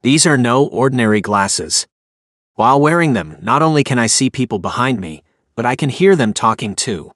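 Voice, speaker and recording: A man's voice: mid-range voice, animated, moderate pace, a bit bright, no room sound, close to an everyday voice. Narrator doing a cocky gadget guy bragging, playful and showy, dry sound. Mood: boastful.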